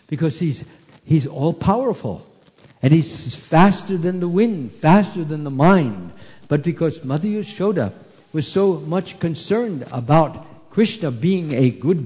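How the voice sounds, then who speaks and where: A man telling a story to a room of children, his voice swooping up and down as he quizzes them and hushes the chatter. His tone is soft and mellow, with a husky edge. A long hall reverb trails every phrase. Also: fairly high pitch. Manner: animated, asks the kids questions, hushes them. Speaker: storyteller at a temple children's event. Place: temple hall. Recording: echoey hall.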